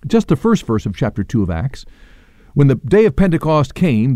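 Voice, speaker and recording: A man gives a radio Bible talk in a mellow, warm voice that rises and falls with feeling. The sound is dry and close, and he speaks earnestly, stressing the words he wants to land. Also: mid-range voice, big pitch swings, moderate pace, no room sound. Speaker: radio Bible teacher and host.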